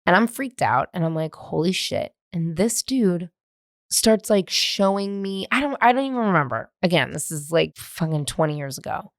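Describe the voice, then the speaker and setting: A woman in her thirties from San Francisco, hosting her podcast and telling a story in a candid, animated, profane way. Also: lowish voice, normal speed, no echo, studio quality. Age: 30s. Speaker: podcast host. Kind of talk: casual storytelling monologue.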